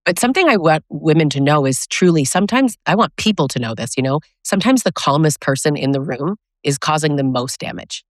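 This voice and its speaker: A woman's voice: low voice, lively intonation, fairly quick, hardly any pauses, dry recording, clean studio sound. A woman podcast host speaking emphatically from personal experience in a casual interview.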